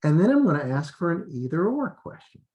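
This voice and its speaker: An English teacher gives a relaxed training talk on classroom methods, often restarting and repeating drill phrases. His voice sits on the high side and moves a little fast.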